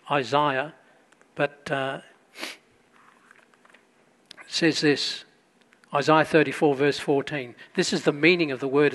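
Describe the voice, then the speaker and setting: A man preaching a sermon as pastor, storytelling with loud emphatic bursts and quiet asides. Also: fairly high pitch.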